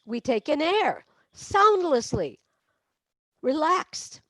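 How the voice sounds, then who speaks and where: Woman, vocal coach, fairly high voice, dry close sound, demonstrative. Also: big pitch swings, slow, fairly bright tone, no room sound. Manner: demonstrative, breaks into barks, meows and sung laughs. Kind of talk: online voice lesson.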